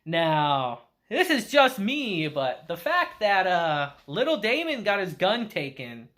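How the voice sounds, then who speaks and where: Male anime reviewer, casual and animated, with a lively pitch. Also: slow pace. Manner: animated storytelling with acted-out quotes. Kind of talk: casual episode recap.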